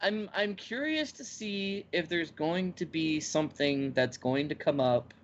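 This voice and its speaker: A man hosting a podcast, recapping a story in casual chat with lively, stop-and-start storytelling. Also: a little high, unhurried. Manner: animated storytelling with frequent restarts. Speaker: podcast host. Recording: slightly muffled lo-fi audio.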